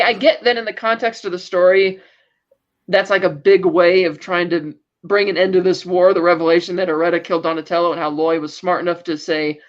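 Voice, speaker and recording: Woman recapping in a dull lo-fi call. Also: fairly low pitch. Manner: animated retelling that acts out quoted lines, with laughs. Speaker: podcast co-host. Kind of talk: casual recap chat. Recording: dull lo-fi sound.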